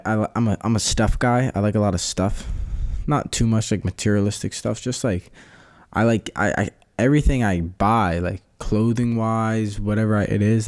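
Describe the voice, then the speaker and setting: A young man chatting on his own podcast in a loose, rambling way, full of slang and filler phrases. His voice sits on the low side and sounds mellow and relaxed rather than bright. It is a casual, unscripted solo talk. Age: young adult. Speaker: podcast host.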